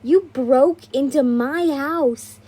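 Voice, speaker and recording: A woman voicing a frightened young woman who shouts defiantly, while reading a fan story. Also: high voice, slow.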